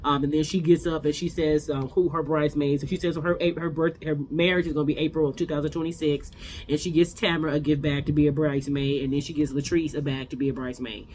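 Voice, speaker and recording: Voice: medium pitch, little pitch movement, fast talker, darkish tone, a little hiss or hum. A host giving a casual, rambling reality TV recap, full of opinions and restarts.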